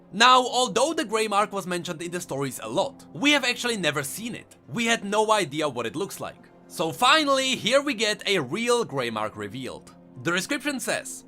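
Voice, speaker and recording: A man's voice: sits high, pushed and bright. A man with a Czech accent giving scripted lore narration, reading card quotes with dramatic drops in his voice.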